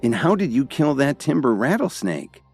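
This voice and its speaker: A man doing an eager young woman in an audio story, his low voice pushed high and bright with curiosity. her questions tumble out wide-eyed and lively over soft music. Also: moderate pace, breathy edge. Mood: curious.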